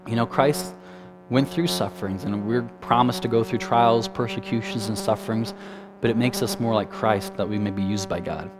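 A man's voice: fairly low pitch, fairly even intonation, moderate pace, rough recording. A man giving a conversational sermon. He keeps asking his listeners questions and adds lots of casual asides. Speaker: preacher. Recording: music playing clearly behind.

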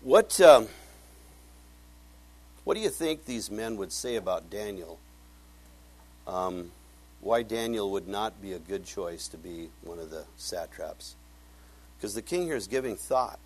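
A man's voice: fairly low pitch, animated, measured pace, pauses often, a little mellow. An older man giving a casual Bible teaching, telling folksy stories and acting out the voices of the people in them. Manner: folksy storytelling, acts out quoted voices. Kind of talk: casual sermon.

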